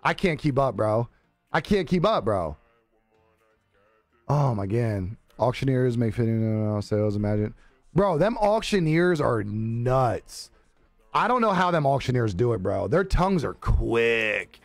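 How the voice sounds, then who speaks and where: A man live streaming, telling a story in casual chat, animated and laughing often, acting out the voices he quotes. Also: medium pitch, a little slow, no echo, faint music behind.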